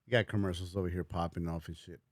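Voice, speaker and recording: A man's voice: deep voice, fairly even intonation, fast talker, over loud music. A man hosting a livestream, reacting in casual, slangy, profane talk to his chat. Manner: slangy, profane, says "bro" constantly. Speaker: livestream host.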